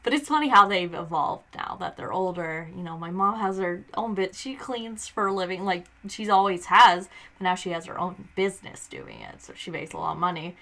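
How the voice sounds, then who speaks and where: A woman's voice: fairly low pitch, sing-song, moderate pace, gravelly, pushed and bright. A woman co-hosting a podcast, chatting casually with lots of fillers, restarts and laughter. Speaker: podcast co-host. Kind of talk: casual chat.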